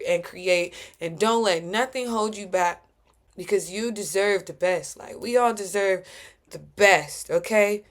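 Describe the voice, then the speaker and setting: A woman's voice: fairly low pitch, vocal fry. A woman hosting her own podcast, speaking in a heartfelt, preachy solo reflection full of slang. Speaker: podcast host.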